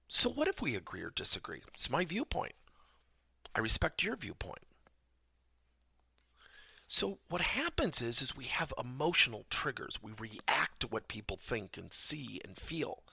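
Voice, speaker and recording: Gravelly, animated man teaching a podcast lesson. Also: mid-range voice, unhurried, no room sound, studio quality. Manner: animated storytelling, acts out dialogue in raised voice. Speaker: podcast host and trainer.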